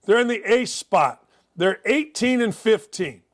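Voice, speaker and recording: A man's voice: high voice, expressive, a little slow. A man hosting a sports talk show, ranting in a sarcastic, mocking way about sports and politics. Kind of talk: opinionated sports and politics rant.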